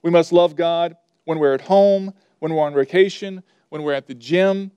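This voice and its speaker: A man preaching a sermon as pastor, counting off numbered points, reading scripture passages aloud with added force and listing items in quick rhythmic runs. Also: on the high side, clean tone, no echo, muffled recording.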